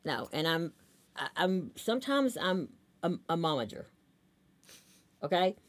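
A woman with a drawl tells loose, rambling stories as a guest in a casual interview. Her voice sits low for a woman, and she leans on plenty of fillers as she goes. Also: sing-song, unhurried. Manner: chatty, rambling anecdotes with many fillers. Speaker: talent agent, guest.

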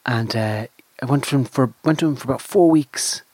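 Man in his fifties, podcast co-host, slightly husky voice, rambling storyteller, dry close sound. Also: mid-range voice, a little fast, a little mellow, no room sound. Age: 50s. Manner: rambling, self-deprecating storyteller. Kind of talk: casual chat.

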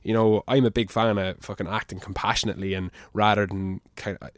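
Opinionated man, low voice, dry sound. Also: flat delivery, a little fast, dry recording. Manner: opinionated, casual swearing. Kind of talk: casual chat.

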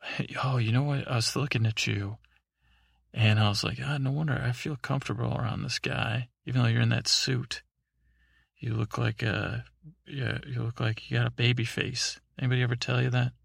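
Give me a man playing an inquisitive alien visitor with a flat gravelly voice. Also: mid-range voice, moderate pace, no echo, clean studio sound, heavily acted. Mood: curious. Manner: inquisitive, probing questions. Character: curious male alien visitor, chatty. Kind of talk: sleepy bedtime story role-play.

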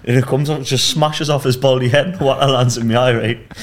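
A man's voice: mid-range voice, steady tone, brisk. A man, a podcast guest telling a funny story in casual chat and swearing freely.

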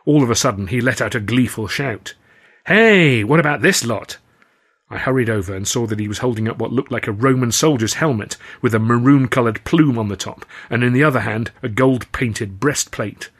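A man narrates his own novel in a measured, wry way. His voice is husky and sits at an ordinary middle pitch, and he unhurriedly sets out each scene. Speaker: author and reader. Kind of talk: reading a novel aloud.

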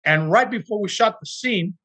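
Husky high-voiced man telling stories. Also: lively intonation, normal speed, fairly bright tone. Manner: earnest, emotional storytelling with restarts. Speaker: actor guest. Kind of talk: casual interview chat.

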